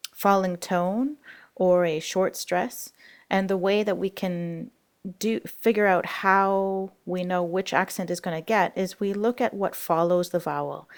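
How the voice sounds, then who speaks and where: A woman's voice: on the low side, clean tone. A woman language teacher explaining grammar rules in a recorded lesson, patient and explanatory with frequent fillers.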